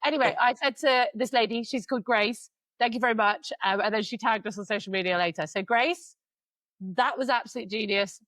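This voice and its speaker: Chatty and quick to curse, this woman in her forties co-hosts a podcast and tells stories in casual conversation. Her voice is a little high, fairly fast, and a bit bright, captured in a dry recording.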